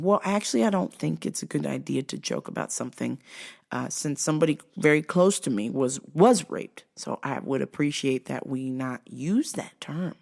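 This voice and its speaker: Low, gravelly-voiced woman vlogger. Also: lively intonation, normal speed, darkish tone. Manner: blunt, crude and emphatic. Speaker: vlog host. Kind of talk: profane comic storytelling.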